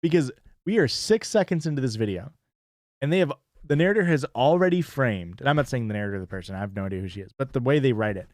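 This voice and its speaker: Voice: medium pitch, animated, quick pace, darkish tone, dry recording, studio quality. A stream host reacting to a TV show in casual, rambling commentary, sarcastic and full of swearing.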